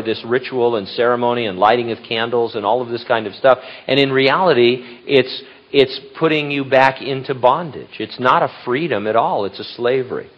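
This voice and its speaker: A man's voice: medium pitch, a little fast, few pauses. An older man, a grandfather and pastor, preaching in a casual, rambling way with restarts and asides. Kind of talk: conversational sermon. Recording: dull lo-fi recording.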